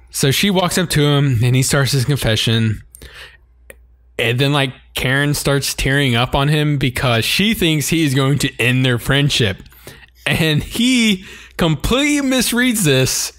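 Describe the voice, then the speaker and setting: A man's voice: medium pitch, a little slow. Laughing, swearing man recapping anime. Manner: animated storytelling, laughing and swearing often. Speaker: podcast co-host. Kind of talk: casual anime recap chat.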